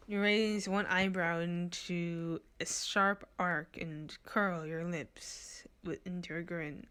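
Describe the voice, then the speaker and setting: Slow-reading woman laughing through a story game. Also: fairly low pitch, steady tone, fairly bright tone, clear, resonant tone. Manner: unhurried reading, giggly asides. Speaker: game player reading aloud.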